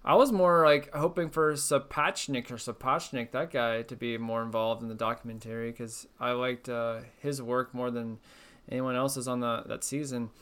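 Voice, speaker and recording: A man's voice: mid-range voice, fairly even intonation, moderate pace, fairly bright tone, clean tone. A man in casual podcast chat, a little tipsy, rambling and joking as he trails off.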